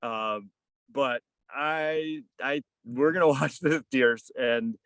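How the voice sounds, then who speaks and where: A man guest on a podcast telling a story casually, rambling with many fillers and hushing his voice for quoted asides. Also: mid-range voice, slow, clean tone, dry recording, rough recording. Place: outdoors on a fishing boat.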